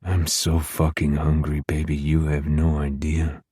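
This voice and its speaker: A cocky vampire lover, read by a man in an audiobook, teasing and intimate. His voice sits extremely deep and husky, with a dry, close sound and no room around it. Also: monotone, measured pace, warm tone, dry recording, heavily acted. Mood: teasing, seductive. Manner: low, teasing, intimate delivery. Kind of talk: audiobook dual narration.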